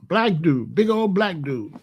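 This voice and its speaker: Man, 60s, livestream host, gravelly voice, unhurried drawl, fairly high pitch, repeats himself. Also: big pitch swings, darkish tone. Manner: slow, repetitive, drawling. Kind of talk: casual commentary to live chat.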